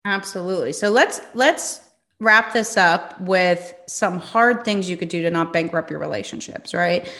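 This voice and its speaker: Animated woman hosting a business talk show. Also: lowish voice, moderate pace. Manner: animated, acts out her own reactions. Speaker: podcast host. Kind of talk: casual conversation.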